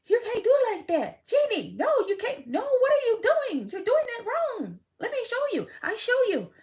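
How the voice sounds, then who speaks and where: Brief: a woman putting on a fussy, controlling older mother, high-pitched and scolding, insisting on her own way. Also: wildly swooping pitch, normal speed, a little mellow, full character voice.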